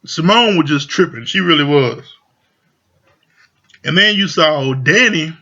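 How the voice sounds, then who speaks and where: A man's voice: fairly high pitch, lively intonation, unhurried, bright, forceful tone. A man casually recapping a reality show, talking loosely with lots of slang and fillers. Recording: dull lo-fi audio.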